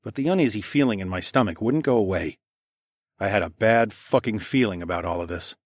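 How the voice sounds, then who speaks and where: A man narrating an audiobook in the first person, in a calm, even, low-key way. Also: brisk, no echo, clean studio sound.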